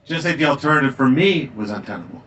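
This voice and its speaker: A man giving a campaign stump speech in a tavern, telling anecdotes in an emphatic, energetic way. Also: medium pitch, fast talker, distant mic, dull audio. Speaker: political candidate. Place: tavern, indoors.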